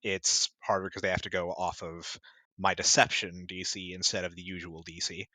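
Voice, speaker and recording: A player at a tabletop game, talking quickly and casually. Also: deep voice, no room sound. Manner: quick, animated, laughs often.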